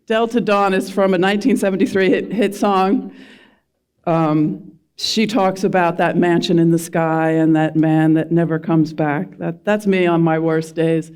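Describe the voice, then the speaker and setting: A woman's voice: lowish voice, fairly even intonation, a little slow, darkish tone, smooth. Self-mocking middle-aged woman giving a speech. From suburbs of Philadelphia. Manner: self-deprecating, quizzes the audience. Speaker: speaker at a community event. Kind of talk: public speech with humor.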